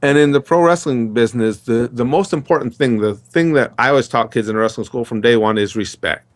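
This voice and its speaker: Telling a long, meandering story as a guest in a relaxed interview, a middle-aged man voices what each person said. His pitch stays in an ordinary middle range, and he speaks in a chatty, unhurried way.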